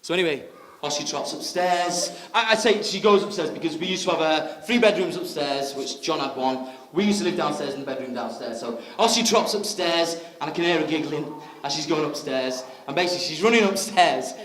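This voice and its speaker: A man's voice: a little high, a little fast, a bit bright. Chatty man giving a wedding speech. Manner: chatty storytelling, frequent laughs. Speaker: wedding speaker. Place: wedding reception hall. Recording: echoey hall with crowd.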